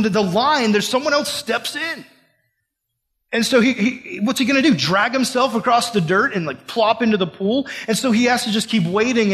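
A man's voice: high voice, fairly bright tone. A young adult man giving a casual, conversational sermon full of rhetorical questions. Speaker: pastor. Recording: long hall reverb.

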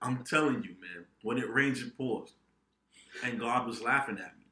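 A young man co-hosting a podcast, telling a profane, animated story among friends. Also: mid-range voice, normal speed. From New England, United States. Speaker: podcast co-host. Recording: echoey room.

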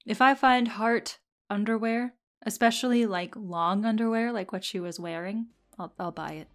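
A woman co-hosting a podcast over a video call, chatting playfully, laughing often, and singing an improvised a cappella song. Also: medium pitch. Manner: playful, laughs often, slow unhurried delivery. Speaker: podcast co-host.

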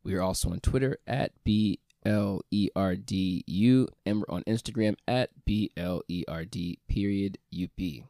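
Gravelly, low-voiced young man hosting. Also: measured pace, hardly any pauses, no echo, clean studio sound. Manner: upbeat intro, then relaxed and joking. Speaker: podcast host. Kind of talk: casual podcast chat.

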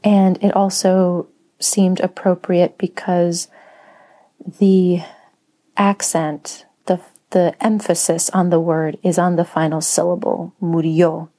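A woman who writes and teaches writing, speaking slowly in a soft, reflective personal monologue with frequent pauses. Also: fairly low pitch, flat delivery. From Spanish-speaking home. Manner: slow, soft-spoken, pausing often.

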